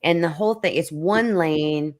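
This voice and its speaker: A middle-aged woman hosting a relaxed chat. Her voice sits low, and she tells her story animatedly, stumbling over restarts. When she acts out what people said, she jumps into a higher voice. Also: normal speed. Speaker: host. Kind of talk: casual chat, telling a story.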